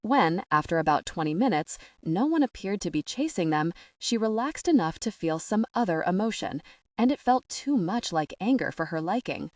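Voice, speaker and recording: A woman reading an audiobook as its narrator, expressive and voicing each character. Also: lowish voice, normal speed, no room sound, studio quality. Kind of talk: scripted narration.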